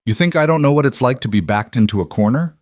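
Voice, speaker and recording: A man playing a quiet, steady rancher who speaks in a measured, matter-of-fact way. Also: fairly low pitch, no room sound, clean studio sound. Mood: intense.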